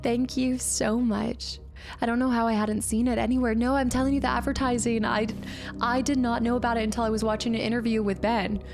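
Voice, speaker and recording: A woman's voice: a little high, flat delivery, fairly quick, music in the background. A woman chatting casually as she streams a game and thanks viewers by name. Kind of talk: casual live gameplay commentary.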